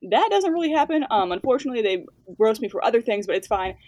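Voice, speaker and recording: Fast-talking young woman influencer. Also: fairly high pitch, big pitch swings, a little mellow, no room sound. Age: 20s. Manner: fast-talking, filler-heavy, laughing. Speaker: guest influencer. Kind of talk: casual interview chat.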